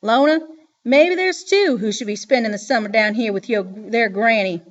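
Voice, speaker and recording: A woman voicing a fierce, loud old grandmother with a Southern accent, shouting and bossing people around in an audiobook reading. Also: fairly high pitch, moderate pace, dull audio, lightly acted. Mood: bossy. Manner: shouting, bossy.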